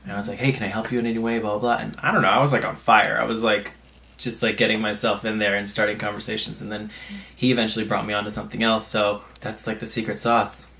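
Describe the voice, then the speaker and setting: A man's voice: fairly low pitch, flat delivery, fast talker, vocal fry, pushed and bright. A man on a podcast, chatting casually and rambling through anecdotes with lots of filler words.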